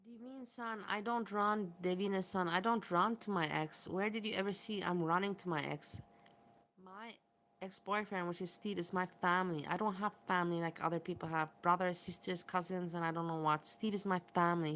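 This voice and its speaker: A woman's voice: on the low side, steady tone, normal speed, fairly bright tone. A woman vlogger talking candidly and bluntly, swearing often as she vents to viewers. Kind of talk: candid vlog rant. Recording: faint background noise.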